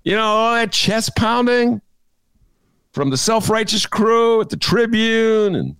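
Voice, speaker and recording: A man's voice: high-pitched, expressive, a little slow, a bit bright, clear, resonant tone, no room sound, studio quality. A man hosting a political talk show, ranting sarcastically and laughing at his own jokes. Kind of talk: opinionated political chat.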